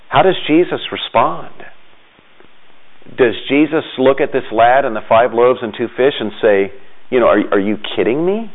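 A middle-aged man speaks earnestly to fathers in an encouraging devotional talk, conversational and full of small restarts. His voice is mid-pitched, and the sound is thin and tinny, like a phone line.

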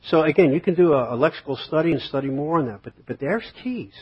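A male pastor delivering a conversational sermon, peppered with rhetorical questions. His voice sits a touch high with a husky grain. The sound is muffled and lo-fi. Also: animated, quick pace. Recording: dull lo-fi sermon recording.

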